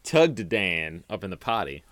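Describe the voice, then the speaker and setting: Animated male podcast co-host. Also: sits low, normal speed, no room sound. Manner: animated storyteller, wry teasing. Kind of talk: casual chat about tabletop game scenarios.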